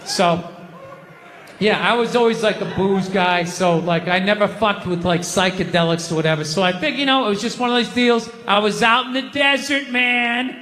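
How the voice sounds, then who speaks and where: A man in his fifties doing a profane, rapid-fire stand-up comedy set on stage. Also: high-pitched, pushed and bright. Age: 50s. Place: large venue on stage. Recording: reverberant hall with live audience.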